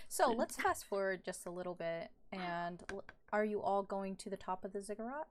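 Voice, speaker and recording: A woman's voice: medium pitch, moderate pace, a little hiss or hum. A woman running a tabletop game as dungeon master, playful and giggly, throwing in silly sound effects.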